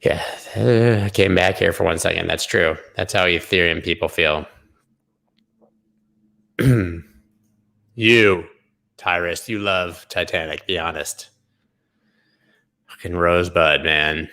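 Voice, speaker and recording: Low gravelly guy going over charts on a live stream, sarcastic and rambly. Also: steady tone, slow, pauses often, bright, forceful tone. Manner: rambling and sarcastic, goes off on tangents, swears, talks to chat. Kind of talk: casual live-stream commentary.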